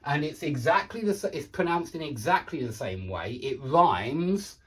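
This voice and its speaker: A man with a British accent talks through an English pronunciation lesson in a relaxed, chatty way. His pitch swings up and down a lot as he repeats words slowly to show how they sound. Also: low-quality recording. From United Kingdom. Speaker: English teacher.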